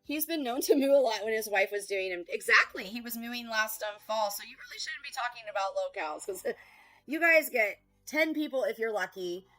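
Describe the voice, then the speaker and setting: A woman's voice: on the high side, lively intonation, fairly quick, sharp tone, soft background music, rough recording. A woman hosting a heated reaction stream, talking back in a combative, sarcastic and profane way.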